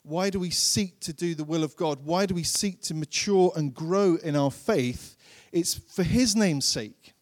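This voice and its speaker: A man preaching a sermon in an earnest way, repeating phrases for emphasis and slowing down to stress key lines. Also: fairly high pitch. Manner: slows and drops his voice to stress key lines. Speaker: pastor.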